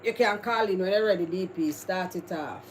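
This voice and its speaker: A woman's voice: lowish voice, moderate pace. A Jamaican woman hosting a casual live stream, chatting with viewers in a rambling, chatty way that is full of laughs. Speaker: livestream host. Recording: noisy background ambience.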